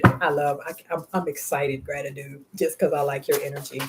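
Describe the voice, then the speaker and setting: A woman giving a live tarot reading in a casual, slangy way, speaking warmly to the viewer and to spirit guides, often breaking into laughter. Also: sits low, steady tone, normal speed, few pauses, noisy background. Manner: heartfelt, often laughing between words. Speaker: tarot reader.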